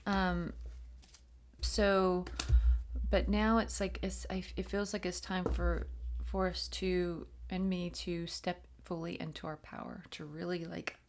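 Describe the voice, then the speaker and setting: A woman's voice: on the low side, level tone, takes it slowly, a little hiss or hum. A woman doing a chatty, rambling tarot reading, laughing often and dropping into whispers. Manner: slips into soft whispered chants. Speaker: tarot reader. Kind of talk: casual channeled reading.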